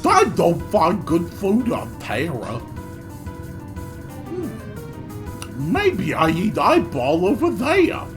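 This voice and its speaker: A man's voice: sits high, wildly swooping pitch, drawn-out words, long pauses, music in the background, voice pushed up, heavily acted. A man doing a pidgin-talking food-mad creature. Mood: grumbling. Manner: broken, childlike grammar. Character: gluttonous frog-eating creature, blunt and food-obsessed. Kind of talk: video game dialogue reading.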